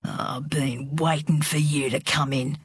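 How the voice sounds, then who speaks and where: A woman putting on a giant of a father who roars his abuse, his voice husky and dry in a storybook reading. The bellow swings wide, full of fury. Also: high-pitched, lively intonation, a little slow, pushed and bright, no echo, faint music behind, full character voice. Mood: menacing. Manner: bellowing, abusive. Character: huge brutal bald father, raging.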